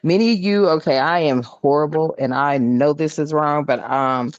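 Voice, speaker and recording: A woman's voice: deep voice, moderate pace, no room sound, dull audio. A woman giving a casual spiritual card reading, laughing often and calling her viewers family. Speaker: spiritual reader.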